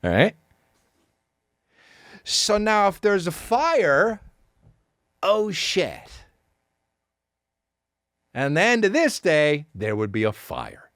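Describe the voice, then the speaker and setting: A man in his thirties, a podcast host, telling a comedic story in a profane, animated rant full of repeated words and sound effects. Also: high voice, takes it slowly, pauses often, no echo, clean studio sound. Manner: acts out sounds and quotes.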